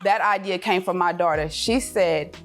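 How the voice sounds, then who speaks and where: Speaking at an event, this woman addresses a room full of people with fervent, faith-driven business motivation, sometimes close to tears. Quoting her kids or herself, she jumps into high, laughing, lively voices. She keeps a moderate pace while soft music plays faintly in the background.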